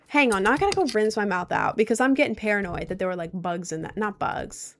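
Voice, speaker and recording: A young woman streamer whose natural voice sits on the low side, chatting casually and reacting aloud to her chat. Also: expressive, quick pace. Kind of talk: casual livestream chat reading comments.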